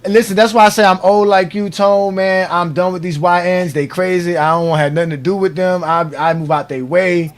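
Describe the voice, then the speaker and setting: Male stream host from Miami, high-pitched, slangy casual delivery. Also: a little fast, hardly any pauses. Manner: loose, animated, slangy sign-off talk. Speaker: host of a live sports show. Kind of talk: casual live-stream chat.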